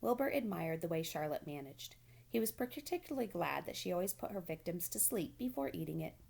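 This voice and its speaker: A woman's voice: on the low side, lively intonation, a little fast, creaky, darkish tone. Woman reading a children's story aloud. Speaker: storybook reader.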